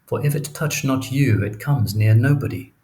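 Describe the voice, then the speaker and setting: A man reading the lines of a cunning, scheming male villain in an audiobook, in a calm, insinuating way. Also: mid-range voice, moderate pace, lightly acted, low-quality recording.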